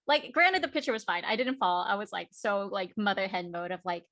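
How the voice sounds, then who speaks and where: A woman chatting at home on a video call as an interview guest, telling lively stories and acting out what people said. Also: medium pitch, brisk. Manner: animated storyteller, acts out quotes. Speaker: guest cosplayer. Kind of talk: casual interview chat.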